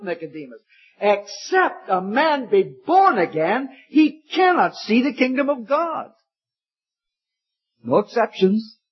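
Emphatic husky-voiced male preacher. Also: high voice. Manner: emphatic, repeating phrases, addresses listener as friend. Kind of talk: evangelistic sermon. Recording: dull lo-fi sermon recording.

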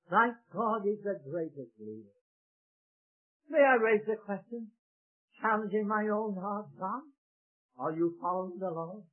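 A preacher delivering a fervent sermon, rising to shouts and correcting himself as he goes. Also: sits high. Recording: tinny phone-like recording.

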